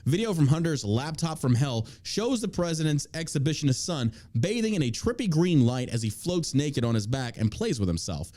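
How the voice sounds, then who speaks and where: A man's voice: fairly high pitch, big pitch swings, moderate pace, few pauses, warm tone. Profane, heated male podcast host. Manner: reads news aloud, then rants with heavy profanity; heated, preachy appeals to listeners. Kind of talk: political commentary podcast.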